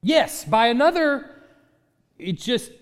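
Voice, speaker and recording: A man teaching a class, speaking in an animated way, chuckling often and restarting his sentences. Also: very high-pitched, slow. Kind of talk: class lecture. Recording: hall reverb.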